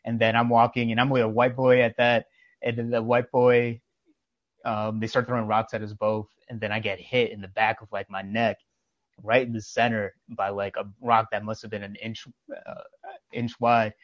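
A man's voice: fairly low pitch, flat delivery, normal speed, dry recording, highs cut off. A man co-hosting a casual podcast, telling anecdotes with emphatic, preachy conviction. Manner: emphatic, preachy, tells anecdotes with quoted dialogue. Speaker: podcast co-host.

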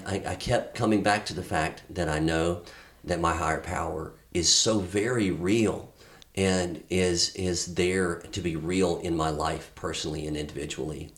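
A middle-aged man speaks as a podcast guest in a deep, low-pitched voice. He tells his story candidly and earnestly. He halts often, restarting his sentences and filling the gaps with fillers.

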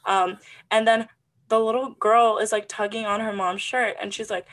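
A young adult woman co-hosting a podcast, telling a story in a casual, animated way and acting out the people in it, with many "like" fillers. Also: mid-range voice, moderate pace. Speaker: podcast co-host.

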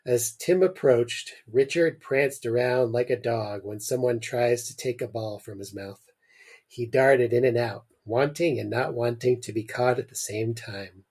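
Young male podcast host, reads aloud slowly with deadpan humor. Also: mid-range voice, slightly rough. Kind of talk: casual chat and story reading. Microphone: remote call mic.

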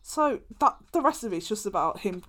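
Her mid-range voice is sing-song and a bit bright, moving at a moderate pace, as this young podcast co-host reads old school reports aloud with a friend. The two reminisce casually, and she giggles and jokes throughout.

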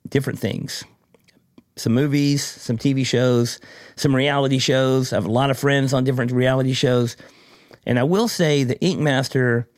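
A man who judges a tattoo competition, telling a story in casual chat, blunt and profane, with animated, mocking asides. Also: medium pitch, no echo, studio quality.

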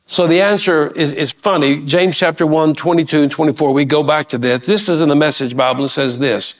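A man's voice: fairly high pitch, fairly even intonation, brisk. A middle-aged man preaching a sermon, building emphasis and asking the congregation questions, with folksy asides and repeated words. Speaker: pastor.

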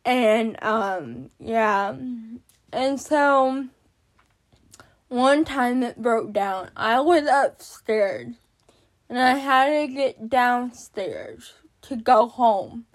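Woman with a high voice, unhurried, venting about stuff casually with some swearing. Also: lively intonation. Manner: exasperated, swears casually, rhetorical asides. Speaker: podcast host. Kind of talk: casual personal storytelling.

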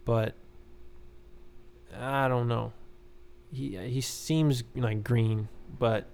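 A man with a gravelly, fry-edged voice sits at middle pitch. He rambles through casual commentary, full of filler words and loose asides, like a podcast host talking off the cuff. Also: steady tone, very slow, a little mellow.

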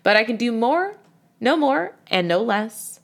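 A woman's voice: fairly high pitch, very animated, unhurried. A woman reading a brave young prince. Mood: determined.

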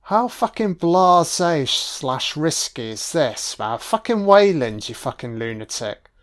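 A man giving a casual, sweary audio commentary on a film, reacting out loud to what he sees. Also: on the high side, sing-song, slow. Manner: sweary, exclaiming reactions at the screen.

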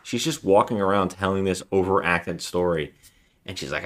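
A man's voice: sits low, moderate pace. A man co-hosting a casual film review podcast, animatedly retelling scenes and acting out the lines. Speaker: podcast co-host.

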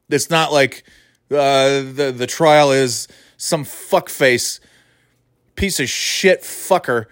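A man's voice: medium pitch, extremely slow, pauses often, no echo, clean studio sound. A man delivering an angry, profane rant with choppy, restarting sentences. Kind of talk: ranting monologue.

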